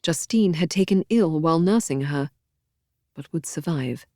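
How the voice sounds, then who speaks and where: A woman narrating a historical novel in a measured, expressive storytelling voice on a close studio mic. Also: low voice, dry recording. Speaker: audiobook narrator.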